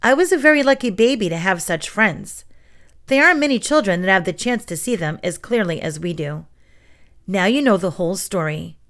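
A middle-aged woman, a teacher hosting a story show, reading a bedtime story and then chatting in a gushing, animated way. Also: on the low side. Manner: gushing, animated storyteller who acts out quotes. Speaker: preschool teacher and story podcast host.

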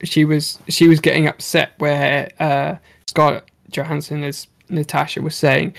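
A man's voice: a little high, level tone, measured pace, gravelly. A man, chatting casually about a film, swearing freely and acting out characters' lines. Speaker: podcast co-host reviewing a film. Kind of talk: casual chat.

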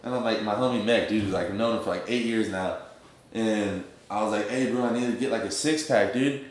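A man's voice: fairly low pitch, brisk. A young man telling a story in casual, streetwise slang, acting out the quoted dialogue as he goes. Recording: very echoey room.

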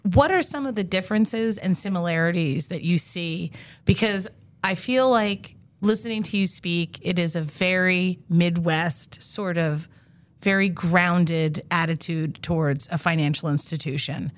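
A woman co-hosts a local business podcast in a somewhat low voice. She affirms her guest and asks curious, open questions. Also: a little slow. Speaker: podcast co-host. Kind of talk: casual interview.

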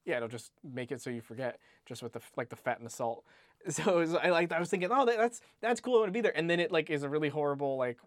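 Guy chatting about a book, kinda high voice, rambly and animated, dry close mic. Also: quick pace, dry recording. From United States. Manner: rambling, animated, frequent "like" and restarts, swears casually. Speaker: podcast co-host discussing a book. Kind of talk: casual chat.

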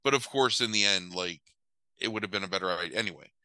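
A man's voice: low voice, fast, pushed and bright, clean tone, no echo, poor audio. A man recapping a movie in a loose, sarcastic chat, swearing casually and using many filler words.

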